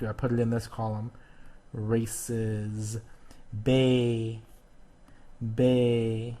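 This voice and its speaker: A man's voice: mid-range voice, a little mellow. A male teacher explaining an exercise in a recorded video lesson, patient and self-correcting as he goes step by step.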